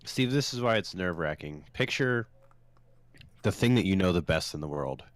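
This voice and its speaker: A man's voice: sits low, moderate pace. A man co-hosting a casual, profane podcast chat, telling stories and acting out angry callers. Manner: animated storyteller, acts out angry callers. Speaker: podcast co-host.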